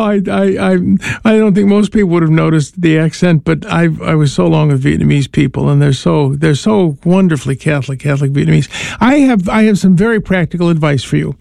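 A man's voice: sits high, creaky, a little mellow, no room sound, studio quality. An older man, a priest hosting a call-in radio show, giving advice in a chuckling, rambling way with many restarts.

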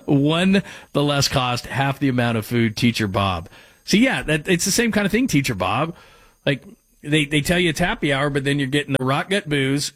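A man's voice: a little high, lively intonation, moderate pace, fairly bright tone, no room sound. A man hosting a sports talk radio show, talking casually and rambling through listener texts and stories. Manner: rambling, conversational, self-deprecating.

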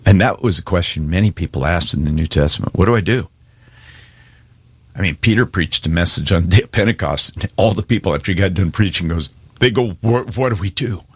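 Deep husky-voiced pastor preaching. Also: male voice, quick pace, no echo. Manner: earnest, pleading, varies pace for emphasis. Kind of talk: sermon with altar call.

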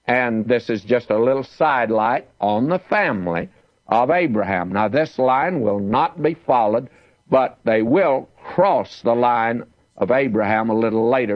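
A man's voice: medium pitch, no echo, highs cut off. A man teaching the Bible verse by verse, reading scripture aloud with emphasis.

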